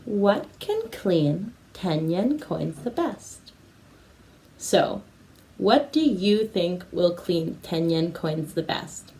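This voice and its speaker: A woman teacher at home, giving a slow English lesson for children with repeat-after-me prompts. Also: fairly low pitch, very animated, warm tone, rough recording. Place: home apartment.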